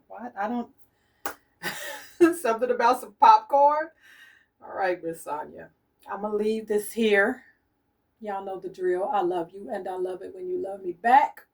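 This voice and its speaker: A woman giving a channeled tarot reading as a medium, speaking softly and repeating her urgings insistently to her audience. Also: mid-range voice, normal speed, husky, distant mic.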